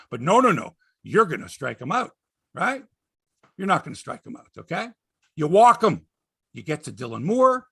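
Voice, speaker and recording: Exasperated ranting man, gravelly and lively. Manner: exasperated, emphatic, swings from loud outbursts to low mutters; swears for emphasis. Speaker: sports podcast host. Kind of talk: ranting sports commentary monologue.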